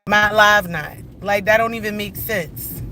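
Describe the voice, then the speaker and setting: A man's voice: high voice, fairly even intonation, a little slow, music in the background. A man live-streaming from his car while driving, ranting in a profane, combative way at his viewers. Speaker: livestreamer. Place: inside a moving car. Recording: loud car road noise.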